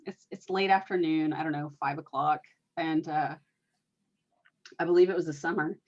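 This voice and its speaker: A woman's voice: low voice, fairly even intonation, moderate pace, a little mellow, lo-fi sound. A woman telling a story in casual conversation, rambling and filling her speech with "you know" and "like.". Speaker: energy worker and guest.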